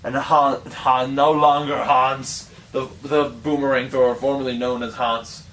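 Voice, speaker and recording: A man's voice: medium pitch, flat delivery, measured pace, fairly bright tone. A man telling an improvised tall tale in a playful, rambling way, correcting himself as he goes. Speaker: storyteller. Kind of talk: improvised storytelling. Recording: distant mic with faint ambient noise.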